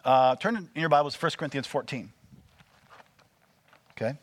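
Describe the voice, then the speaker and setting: A man preaching a sermon, animated and full of call-and-response questions to the congregation. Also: on the high side, normal speed. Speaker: pastor.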